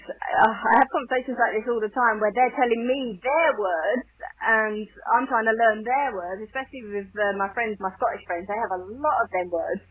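A woman's voice: on the high side, dry recording. A woman from southern England with a London accent with a slightly posh edge, chatting easily as an interview guest and laughing often. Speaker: author, guest. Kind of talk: casual interview chat. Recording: tinny phone-like line.

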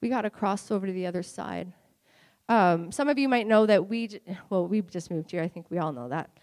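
A woman preaching a sermon in an animated, conversational way, laughing lightly between phrases. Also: medium pitch, a little fast.

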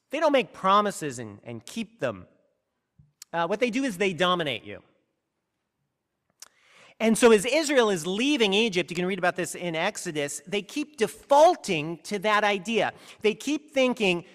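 A man preaches a sermon with real earnestness, leaning hard on his key words and often restarting a sentence mid-thought. His voice is high and swoops widely in pitch. The sound carries the long reverb of a large hall. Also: sing-song, a little slow, long pauses, a bit bright. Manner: earnest, emphatic, with frequent restarts. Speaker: pastor.

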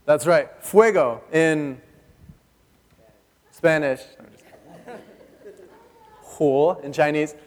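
Speaking extremely slowly with long pauses, a pastor with a slightly high voice delivers a sermon in a reverberant church hall. He's conversational and jokey, asking the congregation questions.

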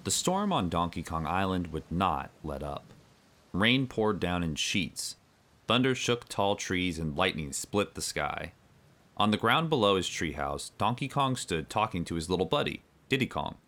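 A man narrating a children's storybook aloud with expressive delivery. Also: low-pitched, unhurried.

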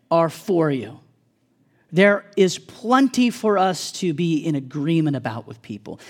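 A male pastor giving a sermon in an animated, joking, conversational way. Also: high voice.

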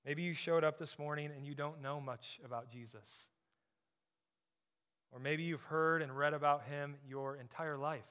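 Male pastor, sermon, bright clear voice, slightly high, emphatic then hushed. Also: steady tone, measured pace. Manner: emphatic preaching, drops to soft intensity on key points.

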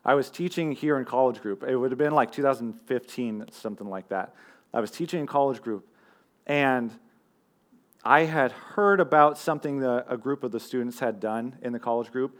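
A man's voice: medium pitch, moderate pace, a bit bright. A young man giving a sermon in a conversational, storytelling way, with fillers and self-deprecating asides. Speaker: college group teacher and preacher. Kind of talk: casual sermon.

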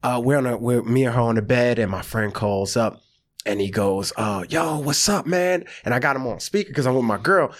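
A man's voice: medium pitch, fairly quick. A man from the American South, an actor and comedian, telling a story in casual chat and acting out the quotes. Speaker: podcast guest, actor and comedian.

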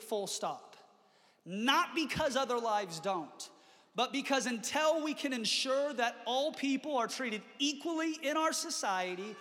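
A man's voice: very high voice, bright, forceful tone, big-room sound. A man preaching a sermon as pastor, earnest, often restarting with repeated words. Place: church.

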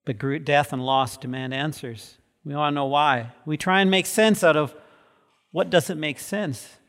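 A man preaching a sermon as pastor. He moves from soft, quiet passages to loud, emphatic peaks. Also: on the high side, measured pace. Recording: long reverb of a large hall.

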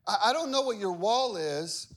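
A male pastor preaching a sermon, animated and conversational, with humor and acted-out quotes. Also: sits high, normal speed. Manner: acts out quoted voices with big swings in loudness.

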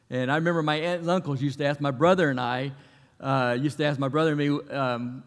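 A man's voice: mid-range voice, steady tone, brisk, big-room sound. A man, a pastor praying and then telling stories in a folksy, conversational way, with frequent restarts. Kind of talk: sermon with prayer and storytelling. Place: church.

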